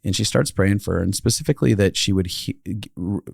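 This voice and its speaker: Man retelling a story with lively voices. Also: on the low side, fast, creaky, husky, no echo, clean studio sound. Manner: animated storyteller, acts out voices of people in the story. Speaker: podcast co-host. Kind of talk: casual storytelling chat.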